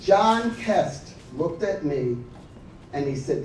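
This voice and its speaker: Guy telling a story slow at a memorial, laughs a lot, dark mellow voice, roomy hall. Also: on the high side, lively intonation, slight background noise. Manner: laughing storyteller, slow, acts out quotes loudly. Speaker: memorial speaker. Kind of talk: personal story at a memorial gathering. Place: large hall. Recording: echoey hall, mic from far off.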